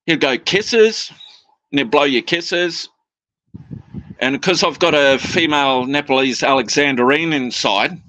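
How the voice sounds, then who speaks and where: A man's voice: a little high, pushed and bright, dry recording. Rambling man chatting over a phone. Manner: rambling, restarts, mimics his birds' phrases. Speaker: guest parrot keeper. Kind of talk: casual chat.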